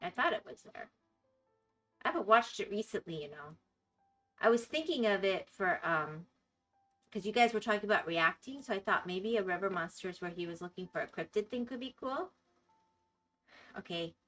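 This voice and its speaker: A woman's voice: medium pitch, expressive, normal speed, long pauses, bright, forceful tone, soft background music. A woman with a Florida accent chatting casually with her stream chat, laughing often and apologizing when she stumbles over words.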